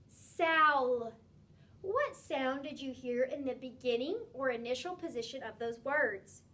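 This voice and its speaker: A woman teaching a phonics lesson to young children, speaking slowly and pronouncing each sound clearly and encouragingly. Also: sits high, fairly bright tone. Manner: slow, clearly enunciated, encouraging.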